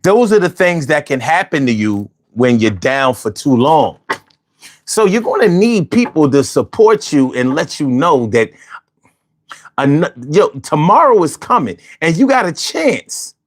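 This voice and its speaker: Man, livestream host, slangy casual talk, repeats lines for emphasis, fairly high voice. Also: sing-song, unhurried. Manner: slangy, peppers speech with "yo"; emphatic, repeats phrases for effect.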